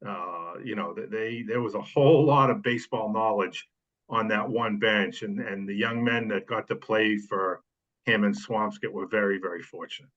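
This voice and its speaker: Bright-voiced man telling long rambling stories. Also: fairly low pitch, fairly even intonation, normal speed. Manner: rambling storytelling with many fillers. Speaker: sports writer co-host. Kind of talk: casual podcast chat. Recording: dull lo-fi sound.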